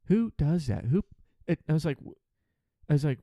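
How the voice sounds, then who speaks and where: A man's voice: a little high, lively intonation, normal speed, mellow, dry recording, muffled recording. A man hosting a solo podcast, ranting with sarcastic, profane exasperation about his work as a flight attendant.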